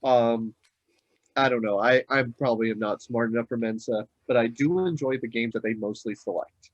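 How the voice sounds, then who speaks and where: A man's voice: mid-range voice, moderate pace, no room sound. Easygoing podcast man, dull dry sound. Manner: easygoing, thinks aloud with many hesitations. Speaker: podcast co-host. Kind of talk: casual podcast chat.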